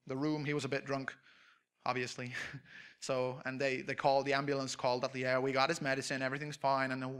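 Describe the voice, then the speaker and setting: A man on stage at a convention auditorium, telling a comic anecdote to an audience with animated storytelling, acting out voices and laughing. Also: medium pitch, smooth. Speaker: convention panel speaker.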